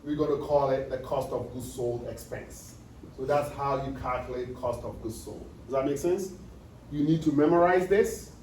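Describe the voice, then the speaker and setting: In a classroom accounting lecture, a man with a fairly high pitch and darkish tone repeats key points and keeps asking questions to check students follow. The mic is distant, in an echoey room with faint noise.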